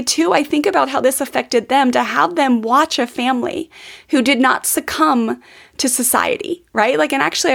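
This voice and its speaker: A woman's voice: a little high, creaky. A woman in her thirties hosting a podcast, telling personal stories in an earnest, heartfelt way with many fillers. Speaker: podcast host. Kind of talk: personal storytelling monologue.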